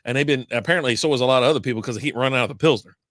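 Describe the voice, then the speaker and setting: A man's voice: mid-range voice, racing, fairly bright tone, no echo, studio quality. A man hosting a casual podcast, rambling through long stories with lots of asides and fillers. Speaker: podcast host. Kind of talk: casual beer podcast monologue.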